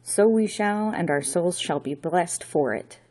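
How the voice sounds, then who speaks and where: A woman's voice: on the low side, unhurried, a little mellow. A woman doing a grey-haired, fervent schoolmaster. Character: grey-haired male schoolmaster in ringmaster dress.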